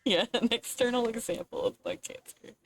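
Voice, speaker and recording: A woman's voice: on the high side, normal speed. A woman from Southwest Virginia with a Southwest Virginian accent, chatting casually on a stream, swearing and laughing often.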